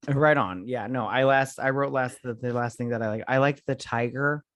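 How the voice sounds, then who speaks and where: A man's voice: medium pitch, normal speed, fairly bright tone, dry recording. A man co-hosting a casual movie review podcast, laid-back and drawling, swearing casually as he goes through his notes. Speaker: podcast co-host.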